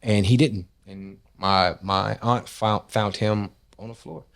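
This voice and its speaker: A man from Nashville with a fairly low voice talks casually in an interview, loose and profane. He tells long stories and acts out the lines of the people in them. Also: slow, gravelly. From Nashville, Tennessee. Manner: loose, profane, animated storytelling with acted-out quotes. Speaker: guest, rap and R&B artist.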